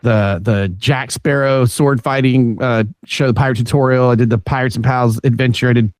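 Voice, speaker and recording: Picture a man settled in as a podcast guest, spinning long, self-deprecating anecdotes that wander and restart. His voice sits at an ordinary middle pitch and sounds close and dry, with no room around it. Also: fairly even intonation, normal speed, no room sound. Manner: rambling, self-deprecating storyteller with many fillers. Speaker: podcast guest, former theme park show director. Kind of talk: casual podcast chat.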